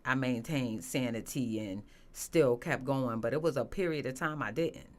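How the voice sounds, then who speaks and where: A woman's voice: very deep voice, moderate pace. Woman, interview guest, candid, earnest storytelling. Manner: earnest, candid, many "you know" fillers. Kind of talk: emotional personal storytelling.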